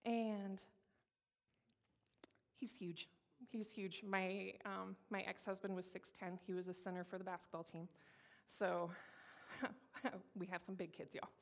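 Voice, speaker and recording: Candid woman giving her testimony. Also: medium pitch. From Colorado, USA. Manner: candid and emphatic, repeats key phrases. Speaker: speaker sharing her testimony. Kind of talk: personal testimony to an audience.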